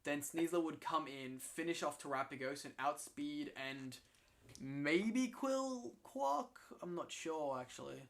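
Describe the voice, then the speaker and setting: A man in casual game commentary, excitable and swearing freely, often restarting his sentences. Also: a little high, measured pace, creaky. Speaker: co-host commentating league matches.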